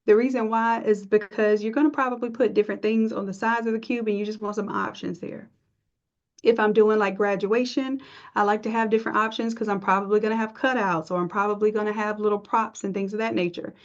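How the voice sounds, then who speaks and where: A woman teaching a live software design class, chatty and encouraging, thinking aloud as she works. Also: medium pitch, fairly even intonation, fairly quick. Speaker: design instructor. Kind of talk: live screen-share tutorial. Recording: dull lo-fi stream audio.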